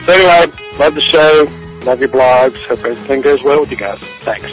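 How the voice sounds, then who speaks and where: A man's voice: mid-range voice, muffled recording, faint music behind. Man with a South Georgia drawl. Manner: halting, many fillers. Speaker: listener calling in. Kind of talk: recorded voicemail.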